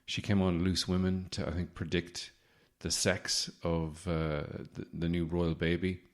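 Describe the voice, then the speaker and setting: Deep-voiced sardonic podcast host man. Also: flat delivery, measured pace. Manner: sardonic, swearing, rambling. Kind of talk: comedic podcast monologue.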